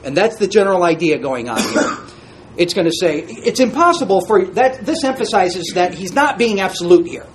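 High-voiced man teaching a Bible class. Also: expressive, normal speed, a little hiss or hum. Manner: conversational, asks the class questions. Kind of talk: interactive Bible lesson.

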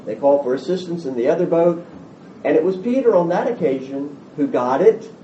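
Male pastor, high lively voice, mellow tone; sermon heard from a distance in a roomy hall. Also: a little fast, slight background noise. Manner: animated, acts out the disciples' voices. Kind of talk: expository Bible sermon. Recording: roomy, distant, dull sound.

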